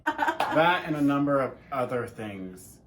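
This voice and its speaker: A man's voice: medium pitch, very animated, slow, fairly bright tone, far from the mic, a little hiss or hum. A teenage man co-hosting a casual Q&A chat, rambling and joking with some swearing. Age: teens. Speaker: co-host.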